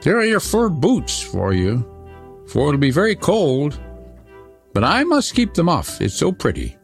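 A bossy, threatening little robber girl from a storybook, her voice pitched well up and swinging widely as she gives orders, as a man reads her. There is a gravelly edge under the lifted voice, and soft music plays behind. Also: wildly swooping pitch, heavily acted. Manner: brisk, commanding, threatening.

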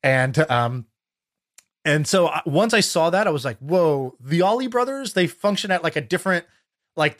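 A man hosting a podcast, telling a story in casual chat and acting out the voices of the people in it. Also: on the high side. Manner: animated storyteller, acts out quotes. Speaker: podcast host. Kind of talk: casual conversation.

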